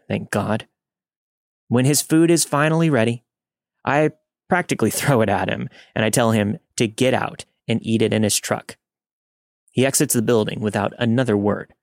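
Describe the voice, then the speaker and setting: A man narrating a first-person story in a steady, matter-of-fact way. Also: medium pitch, dry recording, clean studio sound.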